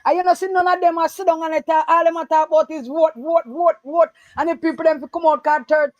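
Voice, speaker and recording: Jamaican patois woman calling in, fired up, keeps repeating herself, high voice, kinda muffled line. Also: fairly even intonation, a little fast, hardly any pauses, no room sound. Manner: fervent, emphatic, repeats points. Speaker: caller. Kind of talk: impassioned political call-in talk.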